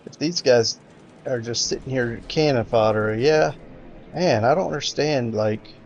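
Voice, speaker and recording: A man's voice: mid-range voice, unhurried, muffled recording, a little hiss or hum. A man casually commentating a strategy game, hesitant and frustrated, with many fillers and restarts. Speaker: gameplay commentator.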